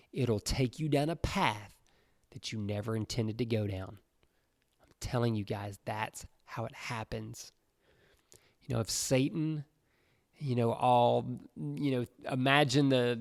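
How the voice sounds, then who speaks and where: A man's voice: mid-range voice, creaky, no echo, clean studio sound. A young man hosting a youth devotional podcast. He talks in an earnest, conversational way and uses plenty of fillers. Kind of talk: informal youth devotional talk.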